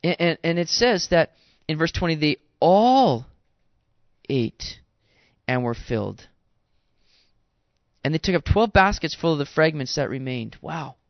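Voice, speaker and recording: Earnest preacher man, fairly high voice. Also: lively intonation, normal speed, gravelly, no echo. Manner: earnest, exhorting, addresses listeners as guys. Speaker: pastor. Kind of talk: sermon. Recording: dull dry sound.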